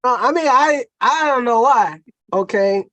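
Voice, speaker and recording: A man's voice: extremely high pitch, expressive, measured pace, fairly bright tone, no echo. A man hosting a live show, giving short affirming replies and introducing callers. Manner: affirming, brief responses. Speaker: host. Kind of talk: casual chat.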